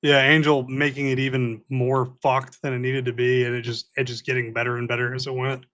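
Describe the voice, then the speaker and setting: A young man co-hosting a podcast in casual chat, telling stories in an animated way and swearing a lot. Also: medium pitch, a little fast. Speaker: podcast co-host.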